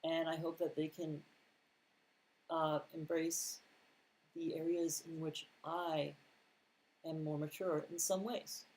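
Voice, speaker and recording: A man's voice: a little high, flat delivery, takes it slowly, pauses often, a little mellow, rough recording. A man reading scripture aloud and commenting on it in a casual, conversational Bible teaching, with mild sarcastic asides. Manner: reads scripture aloud, then comments plainly.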